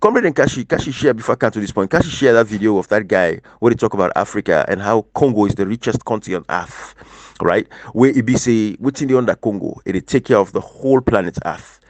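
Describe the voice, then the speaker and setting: A man's voice: on the low side, fast talker, no echo. Sierra Leonean man, political commentator, impassioned, dry close mic. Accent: Sierra Leonean Krio-English. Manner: impassioned, repetitive, rising to near shouting. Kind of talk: casual political discussion.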